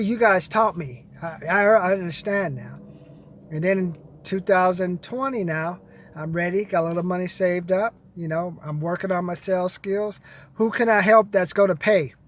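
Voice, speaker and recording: A man's voice: high voice, dry recording. A man giving blunt, profane money advice in a casual monologue to camera.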